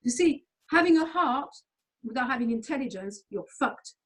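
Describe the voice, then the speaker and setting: An Englishwoman speaks in a casual interview. Her voice is husky and a little high, and she is blunt, emphatic and quick to swear. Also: expressive, fairly bright tone, low-quality recording. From England. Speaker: interview guest. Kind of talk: casual conversational rant.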